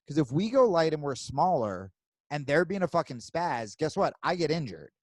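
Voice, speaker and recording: A man hosting a podcast, telling stories in a casual, profane, animated way. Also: fairly high pitch, moderate pace, no room sound. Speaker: podcast host.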